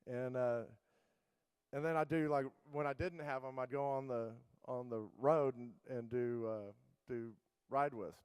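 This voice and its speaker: A middle-aged man gives a keynote in a loose, storytelling way, piling up fillers and restarts. His voice is smooth and clear at an ordinary pitch. The sound is dry and close, with almost no room around it. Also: steady tone, a little slow, a little mellow, no echo, low-quality recording. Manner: casual, rambling anecdotes with many fillers and restarts. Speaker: keynote speaker.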